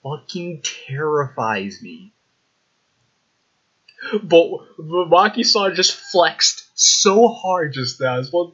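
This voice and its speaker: A man hosting a let's play, reading a visual novel aloud with excitable, swearing reactions. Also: fairly high pitch, breathy edge. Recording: slightly dull with game music.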